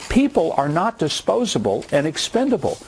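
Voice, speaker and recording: Brief: emphatic man in his sixties, husky voice, lively pitch, preacher's cadence. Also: normal speed. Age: 60s. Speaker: guest commentator. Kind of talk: impassioned TV commentary. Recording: studio TV broadcast.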